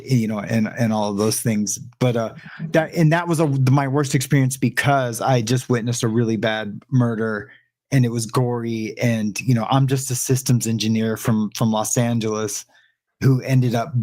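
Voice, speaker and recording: Halting man, guest on a call. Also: mid-range voice, fairly even intonation, darkish tone. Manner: halting, filler-heavy. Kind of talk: casual interview chat. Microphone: video call.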